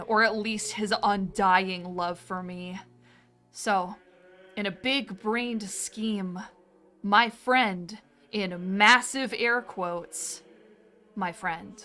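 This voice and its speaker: A woman's voice: medium pitch, fairly bright tone. A young woman streamer playing a mock priest for her chat, theatrical and sarcastic, slipping into sing-song.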